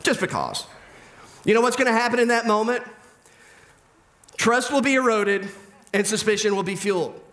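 A man's voice: high-pitched, fairly even intonation, normal speed, pauses often, a bit bright. A middle-aged man preaching a sermon in a conversational, humorous way. He acts out back-and-forth dialogue as he talks. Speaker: pastor.

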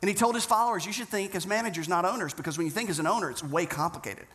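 A man's voice: sits high, very fast, fairly bright tone. A man pastor preaching a sermon, earnest and conversational, telling stories with frequent restarts.

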